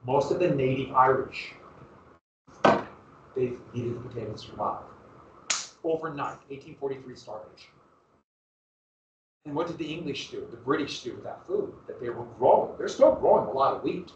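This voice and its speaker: A man teaching a history class in a classroom, lecturing lively and often asking his students questions. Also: medium pitch, moderate pace, pauses often, noisy background. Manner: lively, asks the class questions, restarts phrases. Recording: roomy, distant, dull classroom recording.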